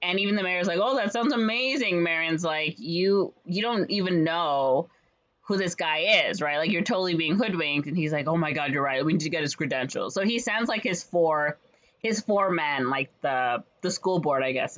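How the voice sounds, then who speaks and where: A woman casually retelling a story's plot in a rambling way, full of fillers and quick quoted voices. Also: low voice, a bit bright. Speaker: podcast co-host retelling a musical's plot. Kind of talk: casual chat. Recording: slightly dull lo-fi audio.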